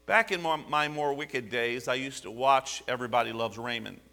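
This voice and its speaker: A man preaching a sermon, animated, asking the congregation rhetorical questions. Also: medium pitch, normal speed, creaky. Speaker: pastor.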